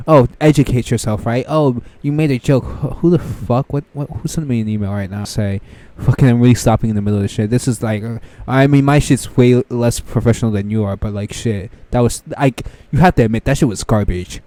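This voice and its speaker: Young guy ranting and cussing at a clip, low warm voice, keeps scoffing. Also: fairly quick, no echo. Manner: swearing, exasperated ranting with mocking asides. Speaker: commentary streamer. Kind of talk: profane reaction commentary.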